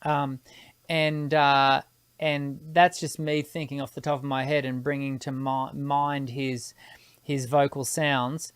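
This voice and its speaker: A woman's voice: very deep voice, little pitch movement, slow, clean tone, dry recording. A woman hosting a live singing Q&A, thinking aloud as she explains vocal technique with technical terms. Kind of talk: live-stream Q&A, answering viewer questions.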